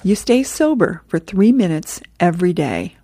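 A woman's voice: fairly low pitch, sing-song, moderate pace, warm tone, husky, full character voice. A woman reading the lines of a sly, scheming cartoon rat.

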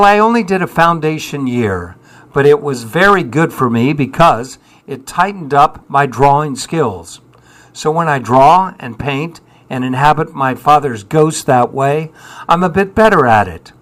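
A man's voice: a little high, fairly bright tone. A man, answering interview questions in a wry, self-deprecating way with dry humour. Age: 70s. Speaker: musician guest.

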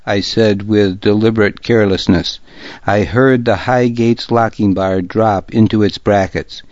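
Low, slow, grave male narrator. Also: fairly even intonation, darkish tone, dry recording. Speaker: audiobook narrator. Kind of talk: first-person scripted narration. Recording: dull lo-fi audiobook recording.

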